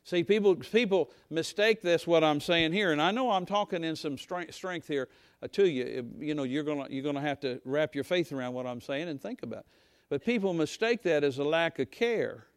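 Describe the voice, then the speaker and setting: Man, middle-aged pastor, folksy conversational sermon, slightly high voice, dry close mic. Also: brisk, smooth, no echo. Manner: folksy preaching, talks to the congregation, rising to shouts.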